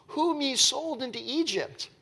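A man's voice: extremely high pitch, lively intonation, unhurried, creaky, sharp tone, husky, voice pushed up, full character voice. A man acting out a grown Joseph pleading tenderly and urgently with his brothers. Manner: emotional, urgent, coaxing.

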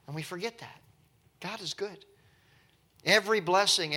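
A man's voice: fairly high pitch, bright, forceful tone. A man preaching a sermon in an earnest, emphatic way, asking rhetorical questions and reading scripture in old King James wording.

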